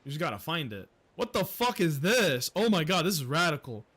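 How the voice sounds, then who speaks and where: A young man from the United States giving casual, profane, jokey commentary while streaming a game, breaking into loud excited outbursts. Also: on the high side, brisk, slightly rough. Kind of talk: casual gameplay livestream commentary.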